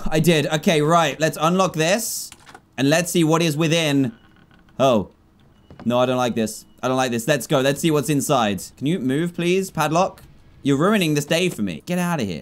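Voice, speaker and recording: A young man in his twenties who excitedly narrates his own moves while playing a video game, cheering out loud when he wins. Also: a little high. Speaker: gaming YouTuber. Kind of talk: gameplay commentary.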